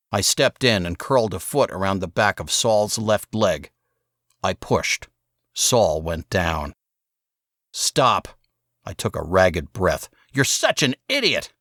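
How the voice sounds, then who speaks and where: A man narrating an audiobook in the first person, with expressive storytelling. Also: deep voice, no room sound, clean studio sound.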